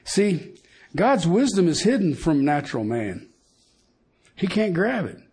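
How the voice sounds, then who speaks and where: A middle-aged man preaching a sermon in a folksy, emphatic way, swinging from loud points to hushed lines. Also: sits high, big pitch swings, a little slow, slightly rough. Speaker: pastor.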